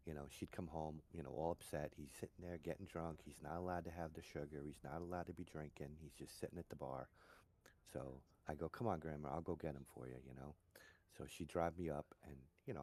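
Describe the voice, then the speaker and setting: A man's voice: a bass voice, mellow. A middle-aged man chatting casually while gaming, telling rambling stories full of "you know". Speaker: gamer chatting on a stream. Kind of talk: casual chat.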